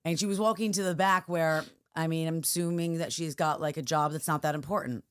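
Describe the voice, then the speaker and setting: A woman co-hosting a casual podcast, telling stories in a lively way and acting out what people said. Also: deep voice, a little fast, clean tone, no echo, clean studio sound. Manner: animated storyteller, acts out quotes. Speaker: podcast co-host. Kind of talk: casual chat.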